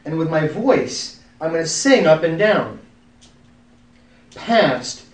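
A man's voice: on the high side, very animated, takes it slowly. A man with a genial, joking manner, explaining and demonstrating a sound effect on flutes to a group. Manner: genial, self-deprecating humor. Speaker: musician giving a demonstration. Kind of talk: informal group talk with demonstration. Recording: roomy, from a distance.

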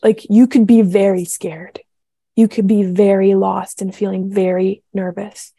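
A woman's voice: medium pitch, little pitch movement, measured pace, mellow, husky, no room sound. A young adult woman giving a casual spiritual talk, heartfelt and rambling, with many fillers and restarts.

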